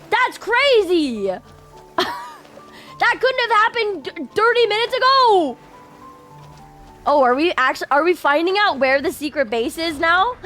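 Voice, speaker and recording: A woman streaming her gameplay, her voice very high and bouncing all over as she gushes and squeals. She talks slowly, drawing out her excitement. Laughter keeps breaking into her reactions. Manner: gushing, squealing, laughs often.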